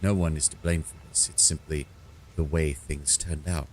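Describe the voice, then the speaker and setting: A man reading game dialogue aloud as a cold, deceitful male dark elf assassin, measured and contemptuous. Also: rumbling low, fairly even intonation, slight background noise, voice pushed down.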